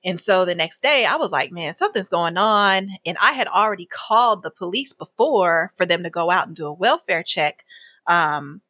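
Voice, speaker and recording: A woman's voice: fairly low pitch, normal speed, no echo. A woman, a guest telling a personal story in casual conversation, acting out what people said. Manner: animated, acts out quoted dialogue with frequent laughs.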